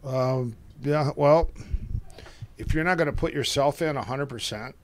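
A middle-aged man who coaches martial arts, telling casual stories in an animated way, acting out quoted voices and often restarting his sentences. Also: mid-range voice, measured pace. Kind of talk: casual storytelling.

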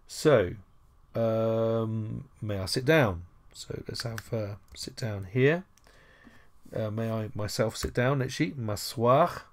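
Slow, low-voiced man teaching a lesson. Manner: chatty, jokey asides, frequent "uh" and "so". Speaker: language teacher. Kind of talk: screen-recorded language lesson.

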